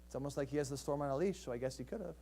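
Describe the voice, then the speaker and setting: A man's voice: fairly high pitch, very fast, dark tone. A male pastor preaching a sermon in a conversational way, asking the congregation rhetorical questions.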